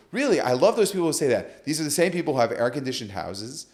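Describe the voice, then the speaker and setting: Animated man telling a story. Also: medium pitch, fast talker. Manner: animated storyteller, acts out quoted dialogue. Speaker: guest speaker. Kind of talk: podcast storytelling.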